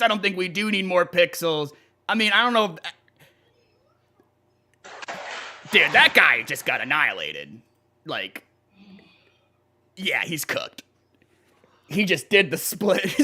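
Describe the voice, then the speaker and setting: A man's voice: high-pitched, sharp tone. A young man livestreaming, chatting casually and rambling, swearing freely as he reacts to clips and reads chat. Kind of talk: casual live-stream chat.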